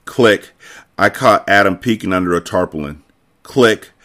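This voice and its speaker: A man, host of a podcast, reading a children's novel aloud with casual, expressive delivery. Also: low-pitched. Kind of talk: book reading narration.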